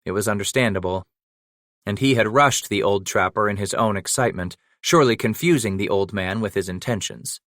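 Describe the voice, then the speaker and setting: A man reading a western audiobook in steady, measured scripted narration. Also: on the low side, no echo. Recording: dry close studio recording.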